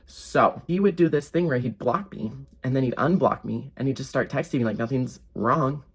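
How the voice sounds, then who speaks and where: A young man vlogging a casual storytime, animated and sarcastic, with lots of fillers. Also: mid-range voice, normal speed, slightly rough.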